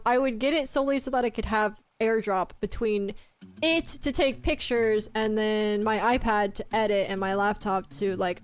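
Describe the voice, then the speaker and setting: A high-pitched woman chats with her stream audience in a bubbly, teasing way, breaking into laughter often. Faint music plays quietly underneath her voice. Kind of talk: casual live-stream chat.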